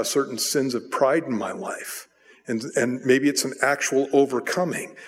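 A pastor giving a sermon in a conversational, storytelling way, with self-deprecating asides. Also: male voice, mid-range voice. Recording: long hall reverb.

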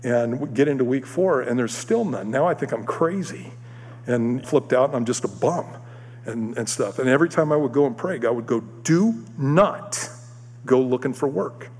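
A man giving a sermon, telling a personal story in an animated way and acting out the voices of the other people in it. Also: medium pitch, a little fast, a little hiss or hum. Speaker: preacher. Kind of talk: sermon testimony. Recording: long hall reverb.

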